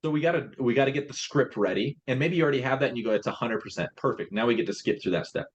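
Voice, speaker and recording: A man's voice: medium pitch, animated, racing, slightly rough, dull audio. A man in a casual business chat, explaining his translation company's process step by step and often restarting his phrases.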